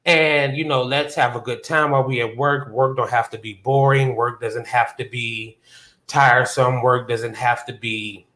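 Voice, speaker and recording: A man chatting casually on his own live show, easygoing and talkative. He tells a story from his workday with an animated delivery and shoots up high whenever he acts out his own reactions. His voice sits in an ordinary middle pitch. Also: normal speed. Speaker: podcast host. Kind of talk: casual livestream chat. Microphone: phone on a hotspot.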